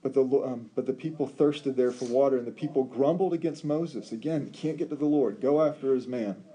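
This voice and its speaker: A man teaching a Bible study, talking in an animated, emphatic way with rhetorical questions and frequent ums. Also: medium pitch, normal speed.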